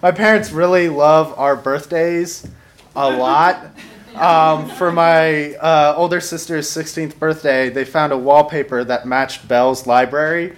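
A young man's voice, fairly high and fairly even in intonation, moves at a measured pace. He's on stage telling a humorous personal story, self-mocking and wry, with chuckles here and there.

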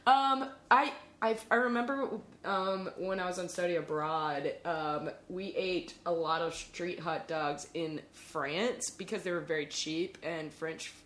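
A woman's voice: fairly low pitch, unhurried, few pauses, fairly bright tone. A woman hosting a podcast in casual chat, laughing often as she talks. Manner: giggly, laughs often while talking. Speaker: podcast host. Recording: roomy echo, faint noise.

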